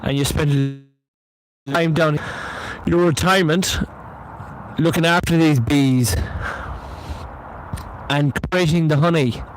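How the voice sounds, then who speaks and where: Man coaxing spirits, fairly high voice. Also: a little hiss or hum, low-quality recording. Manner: coaxing, repetitive calling out. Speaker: paranormal investigator. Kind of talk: spirit box session, talking to spirits and chat. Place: outdoors at night by beehives.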